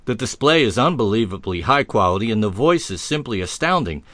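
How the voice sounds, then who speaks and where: A man's voice: lowish voice, very animated, a little fast, fairly bright tone, no room sound, pitched below the performer's own voice. A man voicing a proud male inventor who boasts about his gadget in a joke. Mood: boastful. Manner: boastful, show-off.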